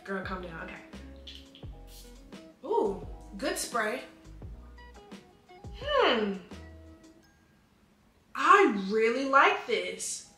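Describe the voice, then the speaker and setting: A young woman chatting excitedly in a casual review video, talking fast with lots of fillers. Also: fairly high pitch. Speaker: beauty vlogger. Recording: echoey room with faint music.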